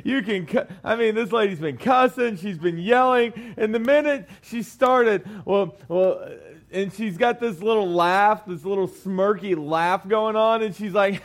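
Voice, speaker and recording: A man's voice: high voice, a little slow. A young man giving a casual youth sermon to a small group, telling a story in a chatty way with lots of fillers.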